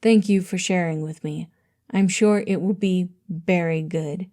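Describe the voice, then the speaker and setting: A woman voicing a gentle young male king who speaks in a calm, formal, deliberate way. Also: on the low side, natural voice.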